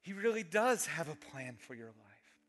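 A middle-aged man preaching an animated, conversational sermon, dropping at times to a soft near-whisper. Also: on the high side, normal speed. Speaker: pastor. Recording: long reverb of a large hall.

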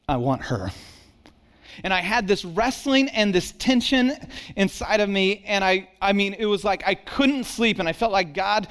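High-voiced animated pastor man. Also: unhurried, pauses often, clear, resonant tone. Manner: animated storytelling, swings between excited and hushed. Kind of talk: sermon.

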